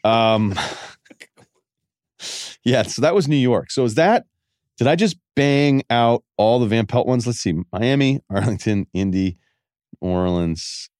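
A man's voice: medium pitch, expressive, takes it slowly, pauses often, a little mellow, dry recording, clean studio sound. A man hosting a podcast, telling rambling, self-deprecating stories in a casual way. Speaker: podcast host. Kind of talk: casual storytelling monologue.

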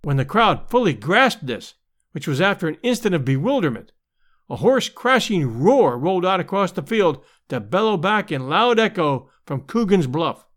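A man narrating a vintage sports story as an audiobook reader, telling it expressively and giving the crowd's shouts their own voices. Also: high voice, very animated, normal speed. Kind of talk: dramatic scripted narration.

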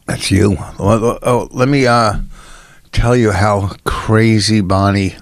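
A man's voice: lowish voice, steady tone, takes it slowly, no room sound. A man co-hosting a podcast, bickering defensively with his partner and talking over her, his voice jumping up when he argues. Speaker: podcast co-host. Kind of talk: casual bickering chat.

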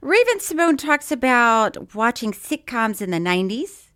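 A woman co-hosting a podcast in relaxed conversation. Her pitch swings widely as she talks, and she laughs easily and slips into little acted-out quotes. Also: measured pace. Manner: animated, laughs often, acts out quotes. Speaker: podcast co-host. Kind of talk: casual chat.

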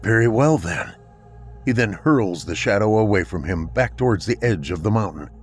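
A man narrating a scripted story in a dramatic, expressive reading. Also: on the low side, a little fast, soft background music.

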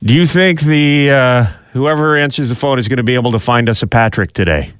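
A man's voice: medium pitch, a little fast, clear, resonant tone, no room sound, clean studio sound. A man hosting a radio show, reading news and leading calls with easy laughing banter. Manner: animated, laughing host patter.

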